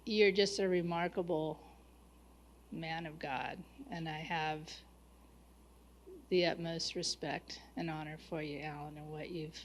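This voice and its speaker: Woman giving flat, halting heartfelt praise. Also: on the low side, a little hiss or hum. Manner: effusive, halting praise with many restarts. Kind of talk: casual chat.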